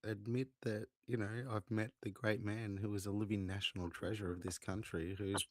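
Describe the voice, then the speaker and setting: A man's voice: fairly low pitch, flat delivery, normal speed, dry recording. A man in casual political chat, teasing in a mock-formal bantering way.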